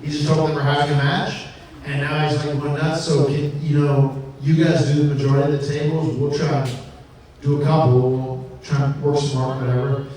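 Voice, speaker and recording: A man's voice: a little high, level tone, normal speed, warm tone, slight background noise. A man hosting a live podcast, telling a rambling anecdote on stage with fillers. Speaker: podcast host. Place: live venue with audience. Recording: echoey live room from far off with crowd.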